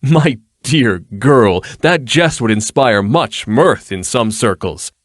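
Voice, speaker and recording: A man's voice: mid-range voice, expressive, takes it slowly, dry recording, clean studio sound, voice pushed up. A man reading an audiobook, voicing a foppish young nobleman with a lazy, teasing drawl.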